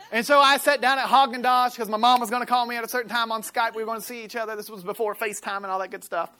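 An American woman preaching a sermon, telling a personal story with lively swings from loud to hushed and acting out the voices she quotes. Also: mid-range voice. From United States.

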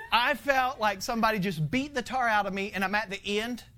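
A man preaching a conversational sermon, animated, laughing often and swinging from loud to hushed. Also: sits high, a little slow. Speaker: pastor.

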